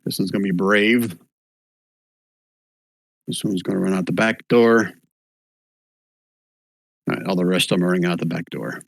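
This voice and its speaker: A man's voice: normal speed, creaky, pauses often, no echo. Laid-back man running a tabletop game. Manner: relaxed, low-key narration with fillers. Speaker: game master. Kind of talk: narrating a tabletop game over voice chat.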